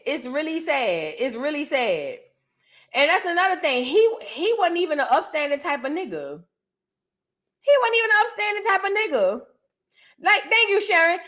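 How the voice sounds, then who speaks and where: High, animated woman commentator. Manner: loud, animated, profane, emphatic repetition. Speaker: host of a reaction show. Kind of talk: casual reaction commentary.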